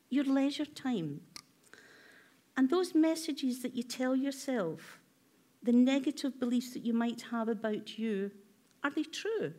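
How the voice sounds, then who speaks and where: A woman's voice: on the high side, a little mellow. A woman therapist giving a workshop talk, asking her audience many reflective questions in a conversational way with filler ums.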